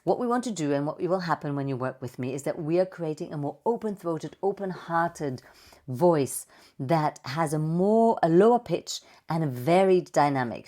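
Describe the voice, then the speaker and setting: A woman voice coach giving a playful, expressive presentation with slides and vocal demonstrations. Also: deep voice, moderate pace. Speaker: voice and speaking coach.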